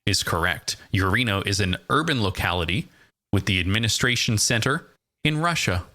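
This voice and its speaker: A man's voice: fairly low pitch, animated, moderate pace, sharp tone. A man hosting a casual podcast quiz, reading out facts in a dry, teasing way. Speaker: podcast host running a quiz. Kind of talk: casual chat.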